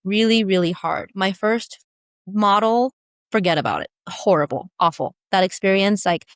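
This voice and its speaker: A woman guest, a brow tattoo business founder, telling her personal story in an interview in emphatic, animated bursts. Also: medium pitch, normal speed, no echo, studio quality.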